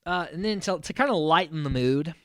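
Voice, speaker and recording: A man hosting a casual podcast, recapping a reality show in an animated, exasperated way and swearing freely. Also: fairly high pitch, fairly quick, no echo, studio quality. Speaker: podcast host.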